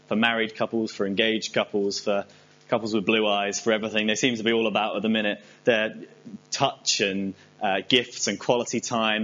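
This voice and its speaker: A man preaching a sermon in a conversational, humorous storytelling manner. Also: mid-range voice. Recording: slightly dull recording with faint hum.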